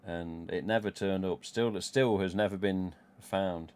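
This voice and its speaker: A middle-aged man with a Midlands accent hosts a relaxed live stream, rambling from one thought to the next. His voice sits a little low, and he swears casually and chuckles to himself as he talks. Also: unhurried. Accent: English Midlands. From England. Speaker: livestream host.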